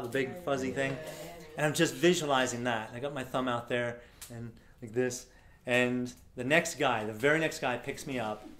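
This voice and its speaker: A man's voice: mid-range voice, a little hiss or hum. A middle-aged man from Florida telling a story to a live audience, acting out the voices of the people in it. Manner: animated, acts out voices of people in his story. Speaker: speaker. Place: event room with a live audience.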